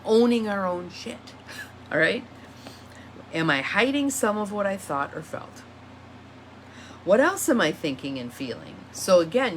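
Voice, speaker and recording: An empowerment coach, a woman, works through self-reflection questions in a casual teaching monologue, reading each question aloud and repeating it. Her mid-range voice has a fairly bright tone, with slight background noise.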